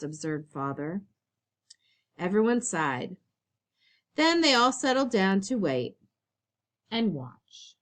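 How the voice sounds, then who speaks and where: A woman teacher reads a picture book aloud to young children, taking her time over each line. Her pitch rises and falls with lively expression as she tells the story. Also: slow, long pauses.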